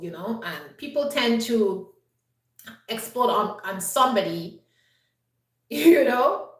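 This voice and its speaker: A woman vlogger with a medium-pitched voice tells a personal story to camera, chatty and upbeat and peppering it with "you know." The mic sits at a distance, so her voice sounds set back, with a roomy echo.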